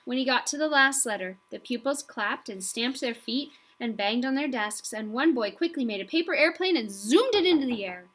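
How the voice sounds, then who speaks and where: A woman reading a children's storybook aloud in a calm, even storytelling manner. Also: fairly high pitch, normal speed, few pauses. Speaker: audiobook reader.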